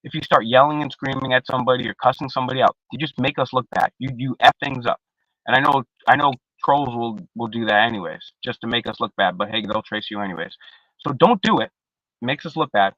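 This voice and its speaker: A man's voice: medium pitch, fast talker, no room sound, muffled recording. A man in casual live-stream panel chat, rambling and profane, with lots of slang and restarts, on a video call. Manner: restarts often, animated.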